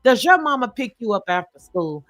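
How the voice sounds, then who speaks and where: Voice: mid-range voice, very animated, normal speed, a bit bright, no echo, pitched above the performer's own voice. A speaker putting on a sweet, coaxing school aide lady. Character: kind woman school noon aide, gently coaxing.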